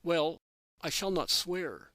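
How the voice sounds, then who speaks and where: A man's voice: fairly high pitch, animated, slow, sharp tone, no room sound, exaggerated voice. A man voicing Judas, an anxious, resentful adult male apostle, speaking in a protesting, insistent way in a read-aloud story.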